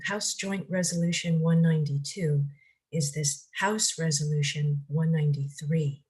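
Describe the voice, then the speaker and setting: A woman hosting her own channel, talking casually and haltingly with many pauses and fillers. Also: fairly low pitch, a little mellow, poor audio. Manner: halting, many ums and uhs. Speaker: channel host. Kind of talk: casual spoken commentary.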